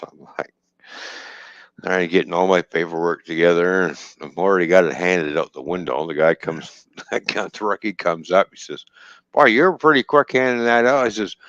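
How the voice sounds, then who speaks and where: Deep-voiced man swearing through a story. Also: moderate pace, dry recording. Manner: profane, laughing, animated retelling with quoted dialogue. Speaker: trucker telling a story. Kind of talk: casual storytelling on a stream. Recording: dull lo-fi dry stream audio.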